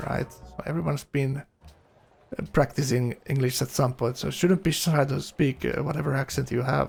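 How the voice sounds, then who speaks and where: A man's voice: medium pitch, gravelly, darkish tone. A man from Finland, casually commentating a strategy game, chatty and laughing often.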